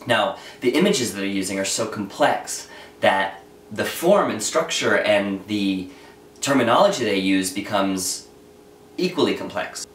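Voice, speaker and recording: Young new guy teaching acting, kinda low voice, sounds a bit far off in a roomy space. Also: fairly bright tone. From New York. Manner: earnest, explanatory, quick asides. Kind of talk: video acting lesson. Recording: echoey room, voice set back from the mic, faint noise.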